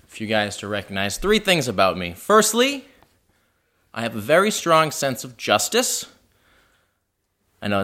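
A man's voice: mid-range voice, sharp tone. A man telling a wry, self-deprecating personal story at a live house show in a living room.

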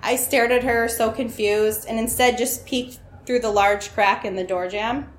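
A woman's voice: a little high, steady tone, measured pace. Wry woman storyteller in a roomy space. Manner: wry, self-mocking, laughs at her own lines. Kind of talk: personal story told to an audience.

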